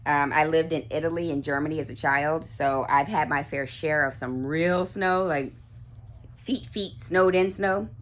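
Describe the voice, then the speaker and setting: A woman with a low-pitched voice chats to camera in a relaxed vlog. She gushes warmly about small things and wanders through fillers and false starts. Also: measured pace. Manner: chatty, gushing, many fillers and restarts. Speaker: doll collector vlogger. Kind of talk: casual chat.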